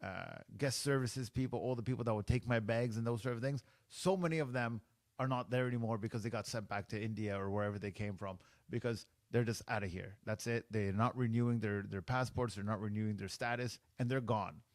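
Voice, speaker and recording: A man's voice: on the low side, fairly quick, no room sound. A man in his forties from Canada, hosting a podcast and giving an opinionated monologue, stressing and repeating his points as he speaks straight to the listener. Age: 40s. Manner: emphatic, repeats points, addresses listeners directly. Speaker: podcast host.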